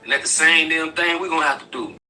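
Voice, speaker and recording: A man's voice: on the high side, fast talker, bright, forceful tone, recorded from a distance, poor audio. A man doing a blunt, emphatic, slangy video commentary. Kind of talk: casual commentary.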